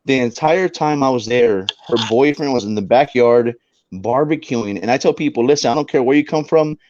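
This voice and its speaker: A man's voice: mid-range voice, normal speed, no room sound, highs cut off. A man, a paranormal investigator, telling a story on a talk show, with lots of restarts. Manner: animated storyteller with many restarts.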